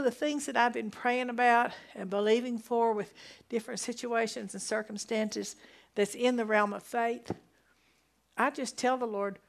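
A woman teaching from the Bible in a sermon style, reading verses slowly and emphatically. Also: a little high, gravelly, a bit bright. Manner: slow, emphatic scripture reading with rising exclamations.

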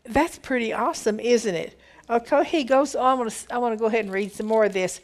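Woman teaching scripture, slightly high voice. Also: fast talker. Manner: reads scripture aloud, then explains it with emphatic repetition. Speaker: Bible teacher. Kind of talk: conversational Bible teaching.

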